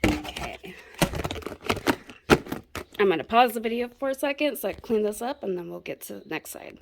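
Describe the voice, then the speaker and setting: A young woman with a medium-pitched voice, lively intonation and some vocal fry rambles at a moderate pace through a tour of her craft room at home. She's a bit out of breath, chatting casually, poking fun at herself and laughing.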